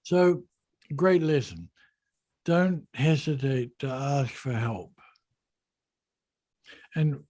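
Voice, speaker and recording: A man, a yacht designer in an interview, telling a story in a relaxed, unhurried and self-deprecating way. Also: on the high side.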